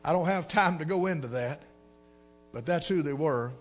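A man preaching a sermon with fervor, his voice climbing into shouts. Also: fairly high pitch, normal speed, soft background music. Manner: fervent, rising to shouts.

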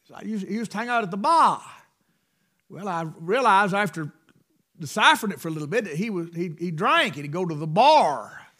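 Fervent preacher man, high and lively. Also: a little fast. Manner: fervent, swinging between loud bursts and hushed asides. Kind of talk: sermon.

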